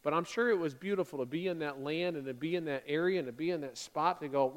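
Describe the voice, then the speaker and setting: A male pastor preaching a sermon to his church, lively and playful, acting out the grumbling Israelites in quick excited bursts. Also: fairly high pitch.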